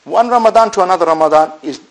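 An Islamic preacher with a high, racing voice delivers a sermon to a live audience on a low-quality recording. He poses rhetorical questions and answers them himself, weaving in Arabic religious phrases. His delivery is animated, swinging between loud and soft.

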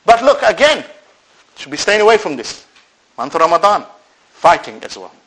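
Heard on poor audio, a high-pitched man with a breathy edge preaches at a normal speed to a live crowd. The Islamic preacher asks rhetorical questions and answers them himself, interlaces Arabic religious phrases, and stays animated, moving between loud and soft.

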